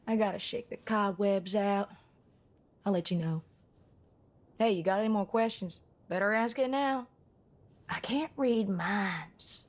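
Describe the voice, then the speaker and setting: A woman's voice: mid-range voice, unhurried, pauses often, close to an everyday voice. Woman voicing a cocky Southern gunsmith. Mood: brisk. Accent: American Southern. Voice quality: slight twang. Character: cocky female gunsmith with a twang.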